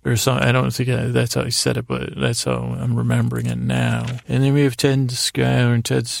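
A man with a heavily gravelly, fry-laden voice and a flat, even delivery rambles through a bedtime recap. He meanders, stalls and restarts often. The sound is close and very dry. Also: medium pitch, dry recording. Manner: meandering, halting retelling with many restarts. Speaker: sleep podcast host.

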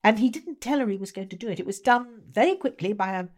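A woman guest, an actor and writer, telling stories in animated conversation with a theatrical, emphatic manner. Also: medium pitch, fast.

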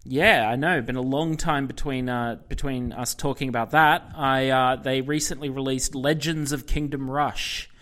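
A man co-hosting a casual podcast, easygoing and a little halting. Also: mid-range voice, fairly even intonation, a bit bright. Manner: easygoing, hesitant with fillers. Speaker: podcast co-host. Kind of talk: casual chat.

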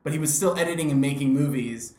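A man's voice: fairly high pitch, fast talker, a little mellow. A man co-hosting a podcast, chatting casually and making wry, dry jokes. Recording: roomy echo.

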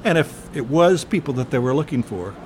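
An older man recalls his past slowly and earnestly, pausing often and filling gaps with small hesitations. His voice sits at an ordinary middle pitch. A faint hiss of noise sits behind it. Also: expressive, darkish tone. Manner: earnest, reflective storytelling with frequent pauses and fillers. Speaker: interviewee. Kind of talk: oral history interview.

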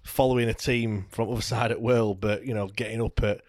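Lad on a footy podcast, keeps asking "innit" and "to be fair", dry close mic. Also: male voice, fairly low pitch, steady tone, fairly quick, darkish tone, dry recording. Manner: chatty, tag questions, "to be fair". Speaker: podcast co-host. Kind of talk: casual football chat.

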